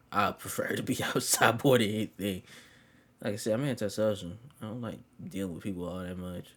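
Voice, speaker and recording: Slangy, laid-back young man telling a story. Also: lowish voice. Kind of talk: casual storytime.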